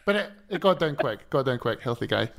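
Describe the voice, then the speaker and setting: A man's voice: mid-range voice, very animated, brisk, creaky, a bit bright. A man co-hosting a podcast in casual chat, teasing with dry humor. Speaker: podcast co-host.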